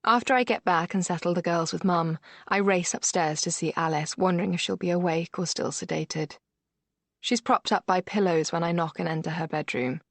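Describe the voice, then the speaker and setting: A woman narrating a first-person thriller audiobook in a measured, steady way. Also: lowish voice, dry recording.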